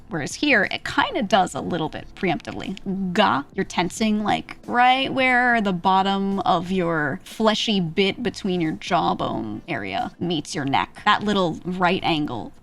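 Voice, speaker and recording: A woman's voice: mid-range voice, creaky. A young woman streamer giving a casual Korean lesson, chatty and laughing often as she sounds out syllables.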